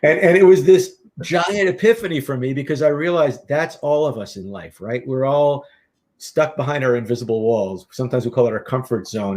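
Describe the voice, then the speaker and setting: A middle-aged man, a guest author and speaker, telling stories in an animated, casual interview. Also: medium pitch. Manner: animated anecdotal storyteller.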